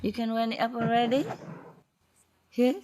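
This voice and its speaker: A woman's voice: mid-range voice, animated, a little slow, slight background noise. A woman, a spiritual teacher, talking casually with her audience in a playful, teasing way and laughing often. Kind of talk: informal talk with an audience.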